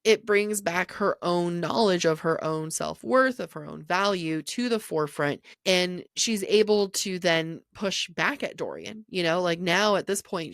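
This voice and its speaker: A woman's voice: fairly low pitch, normal speed, no echo, studio quality. A woman co-hosting a book podcast, talking through a novel in a thoughtful, conversational way. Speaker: podcast co-host. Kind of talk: casual book discussion.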